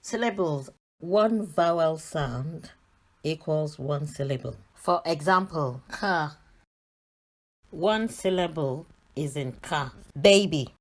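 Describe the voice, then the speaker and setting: Slow, low-voiced British woman teaching reading. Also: animated. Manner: slow, careful, sounds out each letter. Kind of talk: slow scripted lesson narration.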